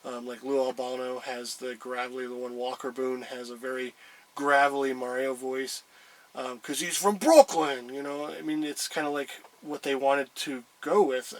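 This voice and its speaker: A man's voice: mid-range voice, flat delivery, normal speed, fairly bright tone, poor audio. A man casually showing a collectible item, rambling with many hesitations. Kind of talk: casual chat.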